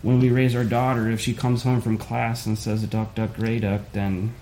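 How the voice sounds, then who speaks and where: A man's voice: on the low side, level tone, moderate pace, a little mellow, a little hiss or hum. A young man from Minnesota with a Minnesotan accent, chatting casually as a podcast guest and laughing often. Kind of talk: casual chat.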